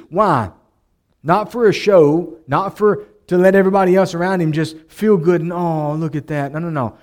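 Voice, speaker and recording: A male pastor preaching a sermon, repeating his phrases and climbing to loud, emotional appeals. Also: a little high, normal speed. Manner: preaching, voice rising to near-shouting in emotional appeals.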